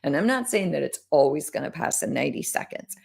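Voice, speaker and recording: A woman hosting a fitness education talk, coaching listeners directly with a lively, instructive manner. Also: sits low, fast, gravelly, breathy edge. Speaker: host.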